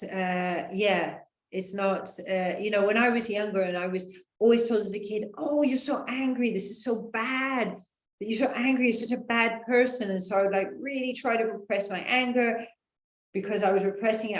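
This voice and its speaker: A woman talking casually, rambling, with frequent fillers, and acting out the voices she quotes. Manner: rambling, full of "you know" and "like" fillers; acts out quoted voices with raised pitch. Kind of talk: casual conversational talk. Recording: echoey room.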